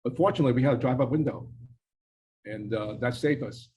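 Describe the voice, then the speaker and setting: A man's voice: medium pitch, a little fast, darkish tone, low-quality recording. A man, a restaurant owner, giving a casual presentation, chatty and hesitant with many fillers.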